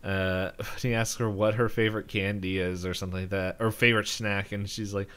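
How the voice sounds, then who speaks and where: A young man with a slightly low voice chats through a cartoon episode on a podcast. His delivery is loose and rambling, full of laughs, with sudden high jumps when he mimics the characters. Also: little pitch movement, fairly quick, fairly bright tone, clear, resonant tone. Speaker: podcast co-host. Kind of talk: casual chat recapping an episode.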